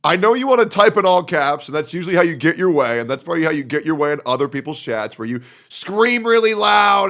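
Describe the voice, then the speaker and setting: A man's voice: high voice, fairly quick, creaky, hardly any pauses, a bit bright. A young man streaming live, ranting at his chat in a heated, argumentative way and swearing often. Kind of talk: livestream rant to chat.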